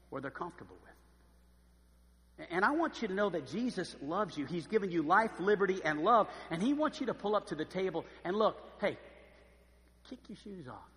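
A man preaching a sermon, telling lively stories and acting out the voices of the people in them. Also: sits high, big-room sound. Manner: animated storytelling, acts out voices. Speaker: pastor. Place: church.

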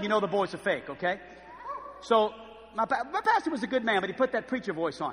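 A man preaching a sermon, telling lively stories and acting out the voices of the people in them. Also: high-pitched, brisk, in a large hall. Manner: animated storytelling, acts out voices. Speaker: pastor. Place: church.

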